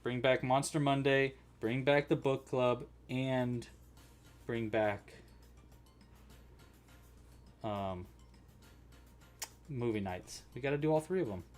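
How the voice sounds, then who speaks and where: A man's voice: mid-range voice, a little slow, pauses often. Chatty man hosting a crochet livestream. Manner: chatty, thinking aloud while working. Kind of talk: casual livestream crochet-along.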